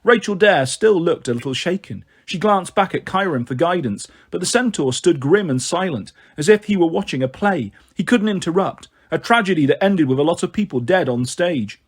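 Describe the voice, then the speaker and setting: Husky man reading a storybook aloud. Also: on the high side, expressive, moderate pace, few pauses. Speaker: audiobook reader. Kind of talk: storybook narration with light character voices.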